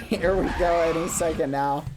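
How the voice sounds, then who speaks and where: A man streaming a game live, cheering players by name and shrieking high when the game turns. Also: unhurried, music in the background. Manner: talks to chat and players by name.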